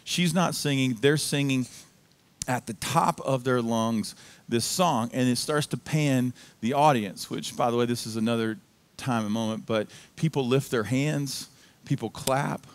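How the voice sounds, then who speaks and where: A male pastor delivering a sermon in a church. He talks in a relaxed, chatty way, telling stories like he would to friends. His voice sits at an ordinary middle pitch for a man. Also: a little slow, no echo. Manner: casual, conversational storytelling. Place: church sanctuary.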